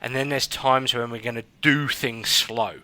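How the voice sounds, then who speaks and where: A man hosting a sports psychology podcast, talking in a lively, casual interview style with frequent restarts and fillers. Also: medium pitch, normal speed. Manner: animated, many restarts and fillers. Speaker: podcast host.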